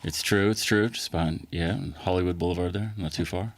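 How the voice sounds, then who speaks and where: A middle-aged man with an American accent, chatting easily as a podcast guest in a recording studio, unhurried with plenty of fillers. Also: sits low, no echo. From England. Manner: easygoing, relaxed, halting with fillers. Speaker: podcast guest, costumed street performer. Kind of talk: casual interview chat.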